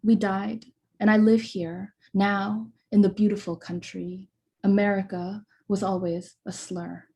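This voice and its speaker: Woman, poet, mellow dark voice, measured rhythmic reading, video call. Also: medium pitch, level tone, vocal fry. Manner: measured, rhythmic recitation with soft hesitant asides.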